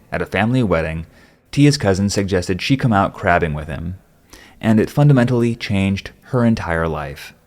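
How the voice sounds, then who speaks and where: A man hosting a podcast, reading narration and offering thoughtful, measured comments to his guest. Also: deep voice. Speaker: podcast host. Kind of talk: scripted narration and interview comments.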